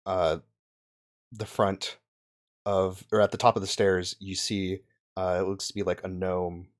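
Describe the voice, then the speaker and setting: A young man narrating a tabletop game as game master, halting with many fillers and restarts. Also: deep voice, level tone.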